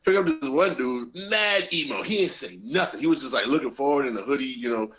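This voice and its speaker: A young man co-hosting a podcast, telling a teenage story in a relaxed, slangy way, dropping to a lower voice for the lines he quotes. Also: fairly quick, poor audio. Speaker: podcast co-host. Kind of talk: casual storytelling.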